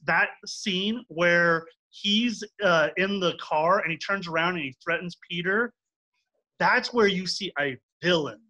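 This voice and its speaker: A man's voice: high voice, unhurried, sharp tone, rough recording. Ranting young man in a heated debate. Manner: ranting, swears, mocks with acted quotes. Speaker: debater defending a film.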